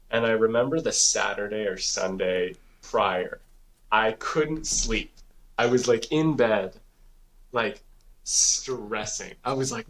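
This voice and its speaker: Young podcast guy, swears a lot, acts out what he was thinking, super animated. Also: mid-range voice, normal speed, poor audio. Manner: animated storytelling, swearing, acts out his own past thoughts. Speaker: podcast co-host. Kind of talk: casual chat.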